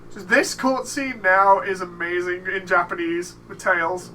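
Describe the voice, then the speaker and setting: A woman streaming a game, chatting casually with her viewers and reading their chat messages out loud. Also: lowish voice, fairly even intonation, a little slow, slight background noise. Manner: reads chat messages aloud, chatty and laughing. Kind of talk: casual gameplay stream commentary. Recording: faint game music behind.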